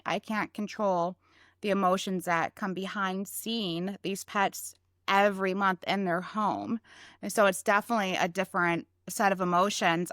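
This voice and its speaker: Woman, podcast co-host, mid-pitched voice, dry close sound, reflective. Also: a bit bright, dry recording. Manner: reflective, thoughtful. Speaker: podcast co-host, mobile vet tech. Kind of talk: casual podcast chat.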